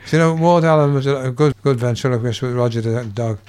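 A man's voice: medium pitch, fast, a little mellow, clean tone. An older man, a comedian guest chatting in an interview and spinning anecdotes and gags. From England. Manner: gag-telling storyteller, slips into quoted voices. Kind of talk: anecdotal chat.

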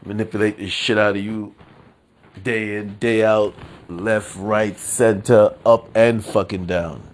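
A man hosting his own solo podcast, talking in a loose, slangy, unhurried drawl. He sounds fed up with his listeners and breaks into mocking outbursts now and then. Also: little pitch movement. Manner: slangy, exasperated, slow and drawn out with sudden high-pitched mock outbursts. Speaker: podcast host. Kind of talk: casual solo podcast commentary.

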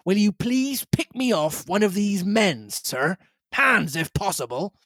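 Guy doing a bossy sea captain, high and barky, dry close sound. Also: lively intonation, measured pace, no echo, exaggerated voice. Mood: commanding. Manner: sharp barked orders, raised pitch. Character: commanding male ship's captain, brisk and bold.

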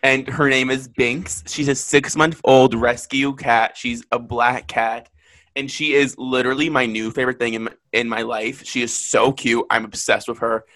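Bright-toned young man, rambling casually. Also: medium pitch, steady tone, moderate pace. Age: young adult. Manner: easygoing, rambling with many fillers. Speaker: podcast co-host. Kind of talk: casual podcast chat.

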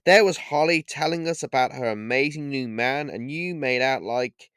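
A man's voice: mid-range voice, normal speed, fairly bright tone, smooth, dry recording, studio quality, pitched above the performer's own voice, close to an everyday voice. A man voicing a jovial bar regular. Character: friendly male bar regular, good-humored.

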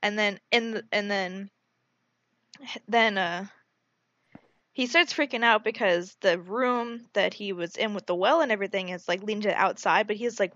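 A young woman with a bright, sharp voice retells a movie in casual chat, slipping into the characters' lines with lots of filler words and cursing. The sound is dry and close, slightly muffled and lo-fi. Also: medium pitch, a little fast, no echo. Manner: animated, swearing, frequent "like" fillers.

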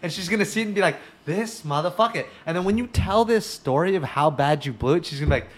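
A young podcast co-host, brash and mocking, drops swear words as he chats. His voice sits a little high. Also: expressive, rapid-fire. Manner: brash and teasing, swears freely. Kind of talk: casual chat.

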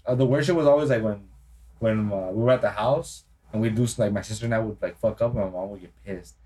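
A man's voice: on the low side, fast, mellow. A young man hosting a podcast, telling stories casually, swearing and acting out quotes. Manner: swearing, storytelling with acted-out quotes. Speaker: podcast host. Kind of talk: casual chat. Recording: distant mic with faint noise.

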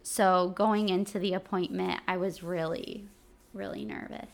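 A young woman telling her own illness story in a casual, halting way, with many fillers, at times close to tears. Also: fairly low pitch, fairly even intonation, creaky.

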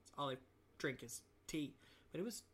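A young woman with a notably low-pitched voice talks casually as a podcast co-host. She is giggly and playful, trading jokes with her friend. Her tone is relaxed and conversational. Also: moderate pace. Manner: giggly, joking, breaks into silly accents. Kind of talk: casual chat.

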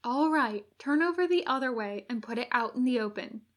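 A woman voicing a fussy male angel who coaxes and reassures gently. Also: a little high, animated, brisk, natural voice. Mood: fussing. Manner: coaxing, gently bossy.

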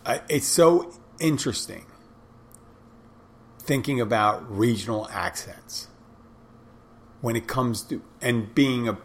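A man's voice: medium pitch, slow, long pauses, a little hiss or hum. A man talking casually on his own, rambling with restarts and asides, blunt and sometimes swearing. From United States. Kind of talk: casual monologue.

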